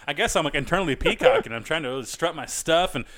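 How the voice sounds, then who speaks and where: A man's voice: a little high, sing-song, fast, fairly bright tone, slight background noise. A man co-hosting a podcast in casual chat, joking and laughing often. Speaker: podcast co-host.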